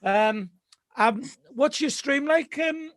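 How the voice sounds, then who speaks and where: High-voiced joking fan host, dry sound. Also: male voice, animated, slow pace, fairly bright tone, dry recording. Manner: joking, self-deprecating, reads out chat. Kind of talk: casual banter.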